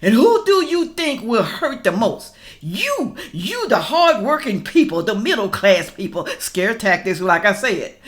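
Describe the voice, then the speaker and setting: A woman giving a casual reaction commentary, talking straight to her viewers in an animated, ranting way and laughing between remarks. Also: medium pitch. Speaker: political reaction vlogger.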